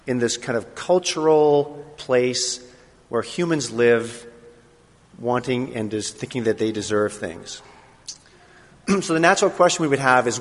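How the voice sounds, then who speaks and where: A male pastor preaching a sermon in a relaxed, conversational way, with pauses and fillers. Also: mid-range voice. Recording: long reverb of a large hall.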